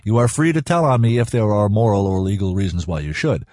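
A man voicing a calm young scientist who speaks evenly and with authority, in an audiobook. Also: on the low side, no room sound, studio quality, pitched below the performer's own voice, natural voice. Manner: even, measured, commanding. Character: calm adult male young scientist, dryly humorous.

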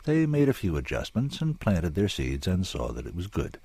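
Deep husky guy reading a story, slow dramatic pauses, dry sound. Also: wildly swooping pitch, warm tone, no room sound. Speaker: narrator. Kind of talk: audiobook story narration.

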